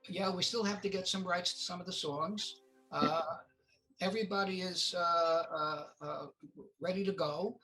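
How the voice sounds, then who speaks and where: Interviewed as a film producer, a man tells casual stories with halting delivery, many fillers and restarts, and acted-out quotes. His high-pitched voice sounds pushed and bright, over soft background music on a rough recording.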